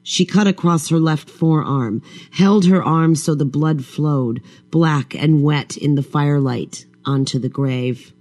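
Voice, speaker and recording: A man reading a first-person horror story in a slow, measured, brooding way. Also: fairly high pitch, a little mellow. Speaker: audiobook narrator.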